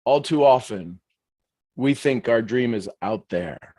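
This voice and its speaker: A man from the United States, hosting a motivational livestream and speaking in an animated, emphatic way with frequent chuckles. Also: medium pitch, slow, no echo. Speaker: host.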